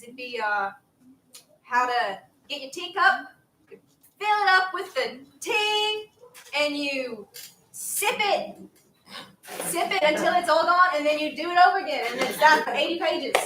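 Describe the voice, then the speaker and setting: A woman's voice: sits high, moderate pace, voice pushed up, close to an everyday voice. A woman improvising a prim author describing her book in a put-on accent. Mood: mock earnest. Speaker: improv performer. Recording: distant, roomy, noisy mic.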